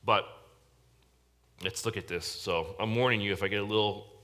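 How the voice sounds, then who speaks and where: A man's voice: on the low side, fairly even intonation, normal speed, bright, forceful tone. A man preaching a sermon to a congregation in a church service, emphatic and direct, often asking the listeners questions. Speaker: pastor.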